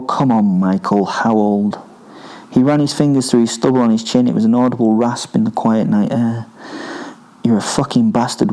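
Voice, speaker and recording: A man narrating a first-person horror story in a menacing, profane, deliberate way. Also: lowish voice, warm tone, low-quality recording.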